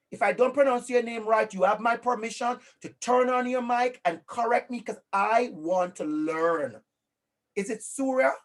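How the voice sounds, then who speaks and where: Lively Jamaican man leading a workshop. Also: sits high. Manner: energetic, encouraging, repeats phrases for emphasis. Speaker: workshop presenter. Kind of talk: interactive online workshop talk.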